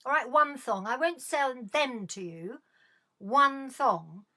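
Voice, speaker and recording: A woman's voice: high voice, lively intonation, slow pace, pushed and bright. A middle-aged woman hosting a live-streamed comedy chat from home, taking calls with bawdy, sardonic, swearing banter into a webcam.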